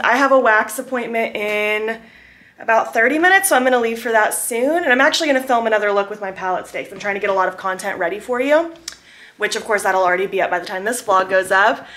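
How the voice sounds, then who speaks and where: Giddy, bright-voiced woman vlogger. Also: a little high. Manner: giddy, excitable, squealing and laughing often. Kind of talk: casual vlog chat. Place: at home, indoors.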